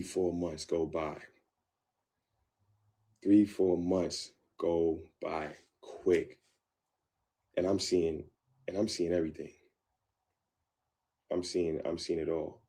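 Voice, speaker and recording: Low gravelly man telling his story. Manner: animated, acts out his own past thoughts, repeats phrases. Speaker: guest. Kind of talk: candid storytelling interview.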